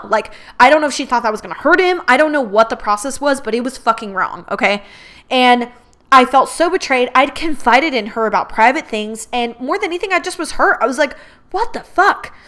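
A young adult woman telling a personal story in a candid, expressive way, swearing freely and quoting others in her own voice. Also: on the high side. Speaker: podcast host. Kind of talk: casual storytelling.

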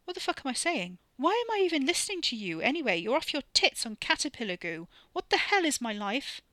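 A woman voicing a panicked young man, high and strained, bursting out in frantic, incredulous outbursts. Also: sing-song, moderate pace, bright, forceful tone, dry recording.

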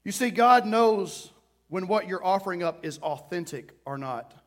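A pastor delivers a sermon with a fairly high-pitched voice for a man. He preaches with passion, sometimes rising into loud pleading prayer and acting out quoted voices along the way. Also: lively intonation, normal speed.

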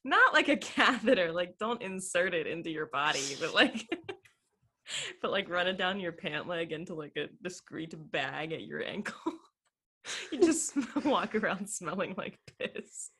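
A woman's voice: fairly low pitch, sing-song, a little slow, pushed and bright, breathy edge. A young woman co-hosting a podcast, playful and giggly, chatting casually with many fillers. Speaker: podcast co-host. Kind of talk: casual chat.

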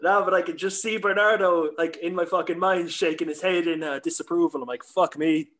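A man's voice: high voice, steady tone, brisk, fairly bright tone. A man hosting a casual interview, joking loosely and swearing freely. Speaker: podcast host.

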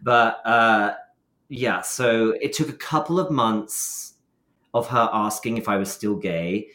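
A young Scottish man telling a story in casual conversation, expressive and self-mocking, acting out quoted lines. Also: fairly low pitch, slow, reverberant. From Scotland. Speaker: guest.

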